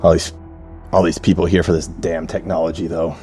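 A man voicing a grumpy, drawling card player in a tabletop game who speaks gruffly. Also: low-pitched, little pitch movement, brisk, darkish tone, faint music behind, pitched below the performer's own voice, close to an everyday voice.

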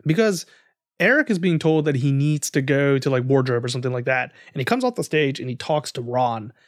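A man co-hosting a podcast, talking in an animated, emphatic way. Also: mid-range voice, a little fast, no room sound, studio quality. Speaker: podcast co-host. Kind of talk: casual podcast discussion.

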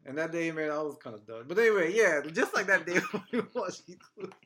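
A young man hosting a podcast, chatting casually in a relaxed, rambling way full of fillers. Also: a little high, fairly quick. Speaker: podcast host. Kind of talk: casual chat.

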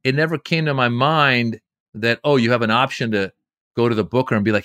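A middle-aged man, a comedian, telling lively stories in an interview and slipping into quoted voices. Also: mid-range voice, a little fast, no echo, studio quality. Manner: animated storyteller doing quoted voices. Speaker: comedian guest. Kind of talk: storytelling interview.

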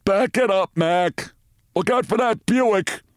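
A man's voice: fairly high pitch, lively intonation, unhurried, creaky, a little mellow, clean tone, dry recording, clean studio sound, pitched above the performer's own voice. A man reading as a brash, cocky male parking attendant with brusque street talk.

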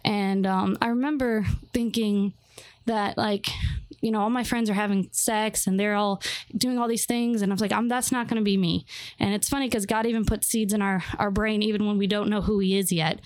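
A woman's voice: mid-range voice, fairly even intonation, brisk, a little mellow, no echo. A young adult woman telling her life story as a guest, rambling with many fillers and restarts. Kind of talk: personal testimony interview.

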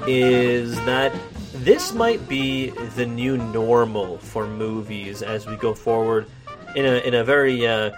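A man's voice: mid-range voice, expressive, takes it slowly, over music. A man giving a casual, rambling movie review, self-deprecating and laughing often. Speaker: podcast film reviewer. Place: Toronto, Canada.

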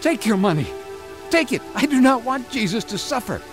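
A desperate pleading judas, voice jumping all over, music under it. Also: male voice, very high-pitched, big pitch swings, normal speed, pitched above the performer's own voice. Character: young man Judas, frantic and guilt-stricken.

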